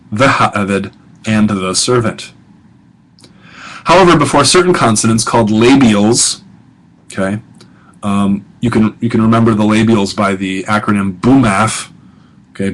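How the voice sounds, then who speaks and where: A middle-aged man, a professor, gives an informal recorded audio lecture, talking casually with frequent fillers and restarts and slowing down to pronounce example words. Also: on the low side, a bit bright, poor audio. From United States.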